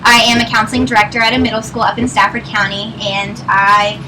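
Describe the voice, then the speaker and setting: A woman's voice: medium pitch, little pitch movement, brisk. A woman in her twenties from Northern Virginia, presenting at a meeting and telling a story in a chatty way, laughing as she goes. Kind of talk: speaking to a live audience. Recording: distant mic, clear noise.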